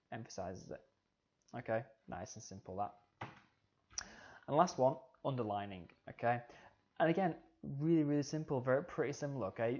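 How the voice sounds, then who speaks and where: Relaxed male teacher, lo-fi audio. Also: medium pitch. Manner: relaxed, says "okay" often, talks to students directly. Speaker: media studies teacher. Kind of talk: recorded slide lecture. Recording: slightly dull lo-fi audio.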